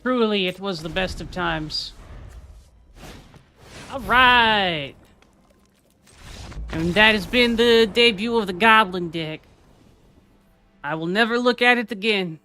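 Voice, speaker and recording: A man's voice: high voice, takes it slowly, pauses often, sharp tone, faint music behind. A man giving casual, joking commentary to himself while streaming a card game. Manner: playful, jokey, talks to himself and the game.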